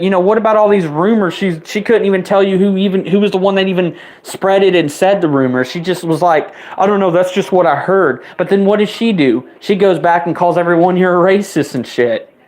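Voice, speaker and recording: A man in his twenties delivering an angry, profane rant, his voice jumping higher whenever he gets riled up. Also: darkish tone. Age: 20s. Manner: heated, rapid-fire swearing, voice spiking up when riled.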